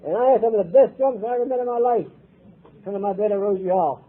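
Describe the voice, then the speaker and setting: Husky high-voiced older man, tinny tape. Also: fast talker. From Ohio, USA. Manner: blunt, profane storytelling. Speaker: recovery meeting speaker. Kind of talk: personal testimony talk.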